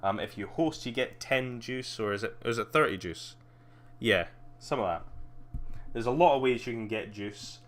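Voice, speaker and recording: A man's voice: mid-range voice, animated, moderate pace, a bit bright. A young man streaming live, rambling casually with lots of fillers and frequent laughs.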